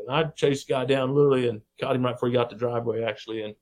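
A middle-aged man, a podcast guest, telling stories about his farming past in a folksy, animated way. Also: mid-range voice, rapid-fire. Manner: folksy, animated storyteller who acts out quoted people. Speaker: podcast guest, wildlife researcher. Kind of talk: casual storytelling interview.

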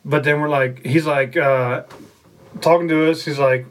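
A man's voice: mid-range voice, normal speed. A man telling a story on a podcast in a rambling, profane way, laughing often. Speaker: podcast co-host. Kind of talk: casual storytelling.

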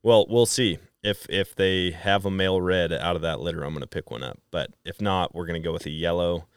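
A middle-aged man from Wisconsin, a podcast guest who tells stories in a casual, animated way and acts out quoted dialogue. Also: deep voice, fairly quick, clean tone, no echo, clean studio sound. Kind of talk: casual storytelling chat.

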